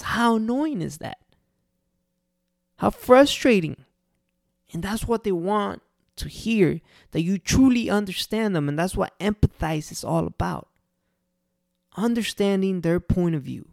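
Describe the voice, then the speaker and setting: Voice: medium pitch, unhurried, vocal fry, dry recording, studio quality. A restaurant owner giving casual, earnest customer-service advice and repeating the key points for emphasis.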